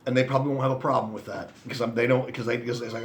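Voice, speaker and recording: Rapid-fire and level in tone at a medium pitch, a weary male vlogger rambles to the men watching him, cursing often and skipping between ideas. The casual monologue to camera carries frustration, disappointment and resignation, and there's a little hiss or hum in the audio.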